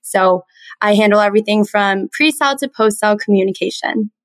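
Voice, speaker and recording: Raspy young woman guest, dry sound. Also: medium pitch, brisk, no room sound. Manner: friendly, explanatory. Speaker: podcast guest. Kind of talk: casual interview answers.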